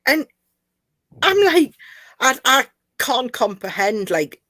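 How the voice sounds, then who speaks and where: A woman from Newcastle with a higher voice and a strong Geordie accent talks in a chatty, animated way and laughs often. She is on a casual video call, and the sound is dry and close. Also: slow, no room sound. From Newcastle, northeast England. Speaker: guest.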